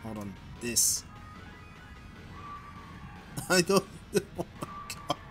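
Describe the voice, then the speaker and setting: A man's voice: medium pitch, very animated, drawn-out words, long pauses. Man reading a comic aloud on stream, laughs a lot, swears, faint music behind. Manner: laughs often, swears, breaks off to comment. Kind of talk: casual comic read-along with voices.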